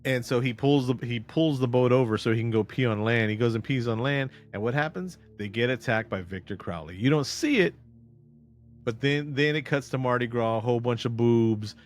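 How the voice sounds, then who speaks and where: A man's voice: medium pitch, fairly quick, faint music behind. Man recapping a movie animatedly. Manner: animated retelling with quoted voices. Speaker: podcast co-host. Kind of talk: casual movie recap chat.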